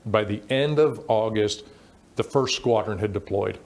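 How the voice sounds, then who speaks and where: A middle-aged man telling animated stories as an interview guest, acting out quoted dialogue as he goes. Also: on the low side, unhurried. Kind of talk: storytelling in a conversational interview.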